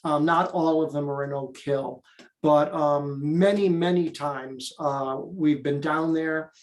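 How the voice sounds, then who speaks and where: A man's voice: on the high side, slow pace. An older man, a theater director, telling eager stories as an interview guest. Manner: eager, animated storyteller.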